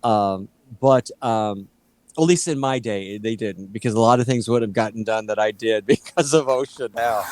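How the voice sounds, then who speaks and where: A man in his fifties co-hosting a casual chat, talking in a rambling, halting way. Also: on the low side, a little mellow, no room sound. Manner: rambling, halting, many fillers and restarts. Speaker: co-host.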